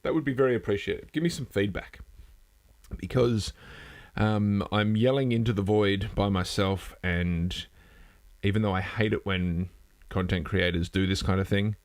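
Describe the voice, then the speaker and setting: A man's voice: lowish voice, moderate pace. A man hosting a casual live news stream from a home setup, rambling and self-deprecating, trailing off and restarting as he goes. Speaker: host.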